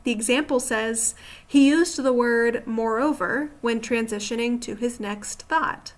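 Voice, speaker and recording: A woman with a fairly high voice teaches a writing lesson from slides. She explains each example patiently and often pauses to check that the listener is following along. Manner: patient, explanatory, asks rhetorical check-in questions. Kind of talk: slide-based grammar lesson.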